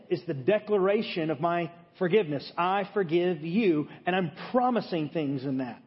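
High-voiced man preaching in a reverberant hall. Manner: conversational teaching, frequent "okay?" check-ins. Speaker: pastor. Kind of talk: sermon. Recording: muffled sound with long hall reverb.

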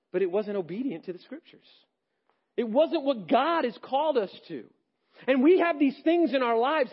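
A male pastor preaching a sermon, animated and swinging between loud and hushed delivery. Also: high voice, lo-fi sound.

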